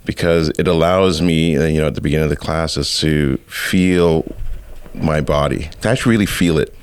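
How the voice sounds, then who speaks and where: A man hosting a podcast, chatting casually in a relaxed, halting way with many fillers. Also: extremely low pitch, clean tone. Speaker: podcast host. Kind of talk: casual chat.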